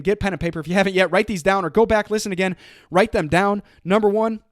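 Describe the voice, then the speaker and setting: Fast-talking energetic male podcast host. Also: a little high, dry recording, studio quality. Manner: energetic, conversational, quotes others in his own voice. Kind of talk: solo motivational podcast storytelling.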